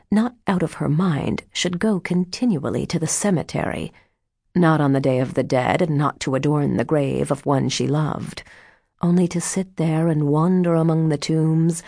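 A woman reading a novel aloud in a measured, even storytelling voice. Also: deep voice, vocal fry, no room sound, studio quality. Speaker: audiobook reader. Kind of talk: scripted narration.

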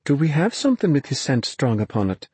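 A man's voice: mid-range voice, big pitch swings, brisk, a little mellow, husky, dry recording, voice pushed up. A man voicing a bold, cheerful young woman who speaks with confidence and a teasing lilt. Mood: confident.

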